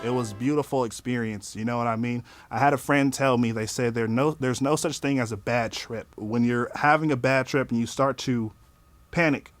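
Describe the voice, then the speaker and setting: A man casually telling a personal story in an animated way, swearing often and acting out what he said at the time. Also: mid-range voice, moderate pace, dry recording. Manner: animated, swearing, acts out his own quotes. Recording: faint music underneath.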